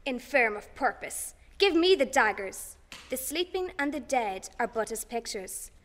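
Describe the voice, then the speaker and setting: A woman's voice: fairly high pitch, big pitch swings, measured pace, a bit bright. An actress playing a scheming, fearful noblewoman in classical stage style, urgent and commanding. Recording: long hall reverb.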